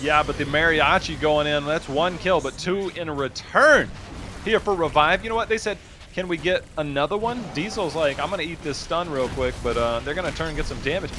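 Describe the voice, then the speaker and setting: A man with a high voice calls the game as color commentator, drawling folksy slang in a loose, joking way. A steady hiss of noise sits under the streamed audio. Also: a little fast. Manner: folksy, drawling slang, laid-back banter. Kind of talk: casual esports commentary.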